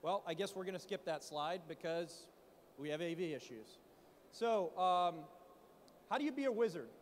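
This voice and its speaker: A man speaking at a conference, coaching founders on pitching in an animated way, full of rhetorical questions. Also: normal speed, in a large hall, slight background noise. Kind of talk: startup pitch talk. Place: conference stage in a large hall. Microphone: handheld mic.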